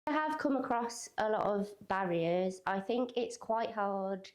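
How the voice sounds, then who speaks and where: A woman's voice: mid-range voice, lively intonation, unhurried, darkish tone. A young woman working as a digital communications apprentice at a college, answering interview questions in a loose, hedging way full of "kind of" and "sort of".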